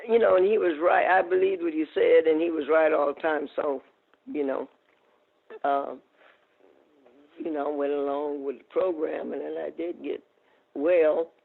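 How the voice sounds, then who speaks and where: A woman in her eighties from the United States, a guest telling animated stories in a casual interview. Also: low voice, unhurried, vocal fry, pauses often. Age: 80s. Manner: animated storyteller, acts out quoted exchanges. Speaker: guest, masters sprinter. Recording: tinny phone-line audio.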